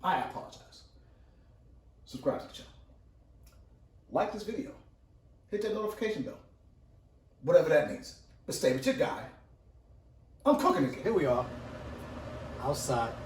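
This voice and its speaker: A man hosting a casual cooking vlog outdoors at his grill, talking fast and chatty, repeating catchphrases to his viewers. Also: fairly high pitch, sing-song, a little mellow. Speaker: home cook and channel host. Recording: roomy, distant camera audio with clear background noise.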